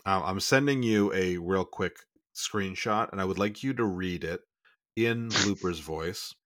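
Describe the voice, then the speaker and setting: A man's voice: deep voice, fairly bright tone, no room sound, clean studio sound. A man co-hosting a podcast who rambles and corrects himself as he chats casually. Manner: rambling, self-correcting, quick laughs. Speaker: podcast co-host. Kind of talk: casual chat.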